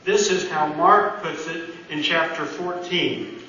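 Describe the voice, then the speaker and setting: A man's voice: on the high side, fairly even intonation, slow, pushed and bright, a little hiss or hum. A man preaching a sermon as pastor, earnest and conversational, putting questions to his congregation, recorded from far off in a large church hall. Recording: distant roomy church sound, dull.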